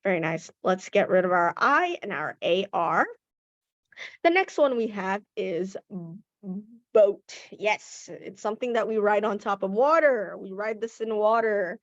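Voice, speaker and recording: A woman's voice: mid-range voice, lively intonation, unhurried, dry recording, lo-fi sound. A woman teaching young children English phonics, patiently sounding out letters and words. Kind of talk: phonics lesson to young learners.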